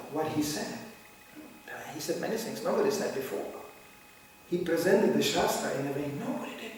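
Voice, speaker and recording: A man in his sixties giving a devotional lecture, chuckling often as he tells stories in an animated way. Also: medium pitch, a little hiss or hum. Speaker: spiritual teacher. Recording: echoey hall from far off.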